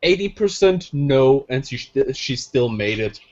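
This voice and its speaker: Sarcastic man with lively pitch. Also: measured pace, lo-fi sound, crowd noise. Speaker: stream panelist. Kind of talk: casual chat.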